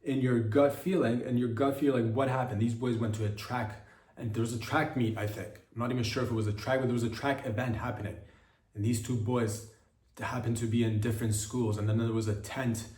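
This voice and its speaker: A man hosts a comedy podcast alone, rambling through a satirical monologue with halting restarts and mock-serious asides. He sits a little back from the mic in a roomy, echoing space. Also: mid-range voice, fairly even intonation, a little mellow. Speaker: podcast host. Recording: roomy echo, mic at a distance.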